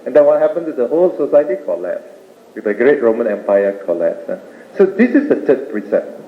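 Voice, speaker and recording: Man giving a Dharma talk on old tape. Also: medium pitch. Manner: rhetorical questions, repeats points with "eh?". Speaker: Buddhist speaker. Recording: tinny roomy old tape with faint hiss.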